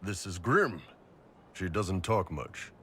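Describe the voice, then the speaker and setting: A man voicing a soldier and commander in a video game, speaking in a steady, assured way. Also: sits low, slow pace, a little hiss or hum, heavily acted. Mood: casual. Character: gruff male soldier and commander.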